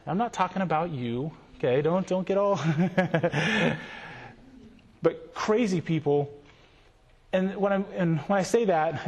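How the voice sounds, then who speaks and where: A man giving a conversational conference talk to ministry workers in a large hall, checking in with "okay?" and acting out quoted voices. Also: on the high side. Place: large hall with a live audience. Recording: long reverb from a large hall.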